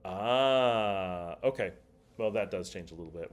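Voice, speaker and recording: Middle-aged male livestream host, low voice, loose chatty delivery answering viewer comments. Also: measured pace, smooth. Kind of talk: casual livestream chat.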